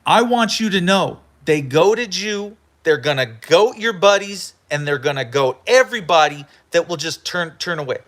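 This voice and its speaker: A man's voice: on the high side, expressive, moderate pace, few pauses, fairly bright tone. A man hosting a livestream, ranting heatedly with profanity and lots of repetition. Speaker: livestream host.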